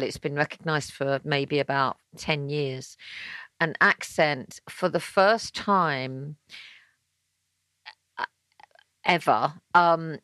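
Low, slow London woman. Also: a bit bright, no room sound, low-quality recording. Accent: London English. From England. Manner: rambling, halting, self-correcting. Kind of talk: casual group chat.

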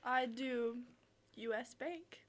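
A woman's voice: on the high side, slow pace, a bit bright. A young woman guest in a casual podcast chat, giggly and a little nervous.

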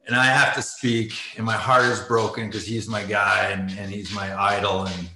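Speaking over a video call from an echoey room, a middle-aged former ice hockey player tells stories as an interview guest in a casual, rambling way. His voice is fairly low, steady, bright, and forward at a moderate pace, and there's a little hiss or hum. He says "like" a lot, laughs between stories, and at moments sounds close to tears.

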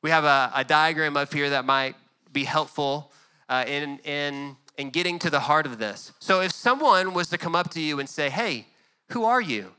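Male pastor, young adult, sermon, conversational, fairly high, very bright tone. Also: normal speed, clean tone. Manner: conversational, acts out imagined dialogue.

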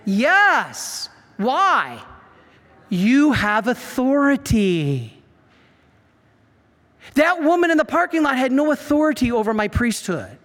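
A man, a priest giving an animated talk full of stories and acted-out quotes. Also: very high-pitched, moderate pace. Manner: animated storyteller, acts out quotes. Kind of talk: preaching talk. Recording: reverberant hall.

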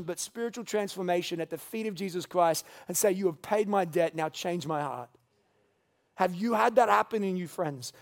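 A man preaching a sermon, swinging between loud emphatic lines and hushed quiet ones. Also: sits high, creaky. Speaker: pastor.

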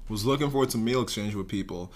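A young man hosts a relaxed podcast chat. He talks playfully and loosely, quizzing his guest with easy humor. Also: on the low side, fast talker. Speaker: podcast host. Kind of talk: casual chat.

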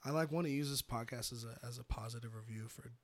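A man co-hosting a podcast in casual chat, crude and animated, swearing often. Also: medium pitch, quick pace, no room sound. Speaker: podcast co-host.

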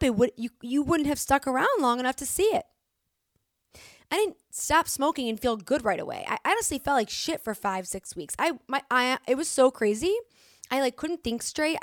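A woman's voice: high voice, dry recording, studio quality. A woman hosting a solo motivational podcast, talking in a candid, emphatic way, cursing at times and restarting her sentences. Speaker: podcast host.

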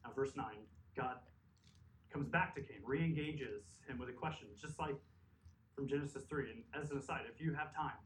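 A man's voice: medium pitch, normal speed, a little hiss or hum. A man preaching a sermon, earnest and emphatic, with conversational asides. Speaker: pastor. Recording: echoey hall mic from a distance.

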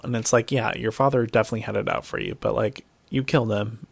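Guy with a gravelly voice recapping a show, cussing a lot, dry close mic. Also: lowish voice, quick pace, few pauses, dry recording. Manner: profane, animated, slips into mocking voices. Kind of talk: casual TV episode recap.

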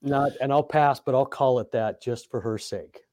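Laid-back mellow-voiced coach on a podcast. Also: male voice, mid-range voice, moderate pace, no room sound, clean studio sound. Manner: laid-back, laughing, joking. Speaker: basketball coach and podcast co-host. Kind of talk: casual sports podcast chat.

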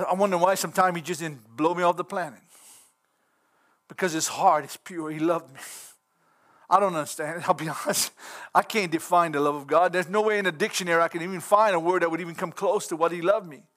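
A middle-aged man preaching a fervent sermon, folksy in grammar and rising at times to shouts. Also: high voice.

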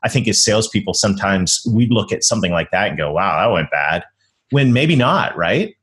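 Brief: man host, lowish voice, friendly and affirming. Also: expressive, brisk, a bit bright. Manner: friendly, frequent short affirmations, laughs easily. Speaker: podcast host. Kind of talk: casual podcast conversation.

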